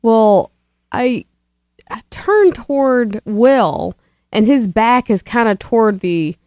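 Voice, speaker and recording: A woman's voice: fairly high pitch, animated, takes it slowly, darkish tone, no echo, studio quality. A woman in a casual chat, adding details in a matter-of-fact way as a paranormal investigator.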